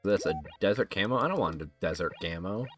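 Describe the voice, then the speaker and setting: A man's voice: low voice, animated, fast, music in the background. A man casually commenting while streaming a game, crude and joking.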